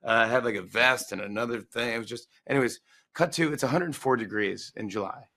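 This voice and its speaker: A man's voice: mid-range voice, brisk, creaky. A man in his forties casually telling a funny anecdote, acting out the voices of the people he quotes. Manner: animated storyteller, acts out quoted voices. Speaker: talk show guest, author. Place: promotional livestream interview.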